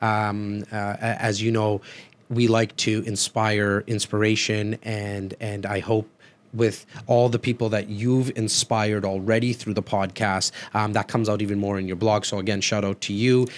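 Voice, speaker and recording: A man hosting a podcast, talking casually and warmly with lots of fillers and restarts. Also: fairly low pitch, flat delivery, moderate pace. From Canada. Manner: chatty, many restarts and fillers. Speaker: podcast host. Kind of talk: casual chat.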